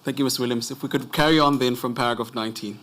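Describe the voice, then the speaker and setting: A man with a South African accent, cross-examining a witness in a measured, polite way. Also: mid-range voice, steady tone, a bit bright. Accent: South African English. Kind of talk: courtroom questioning.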